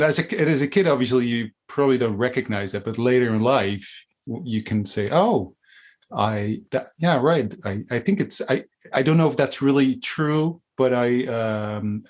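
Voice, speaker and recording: Chatty man hosting a podcast. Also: medium pitch. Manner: rambling, full of restarts, animated when imitating his father. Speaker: podcast host. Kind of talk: casual conversational interview.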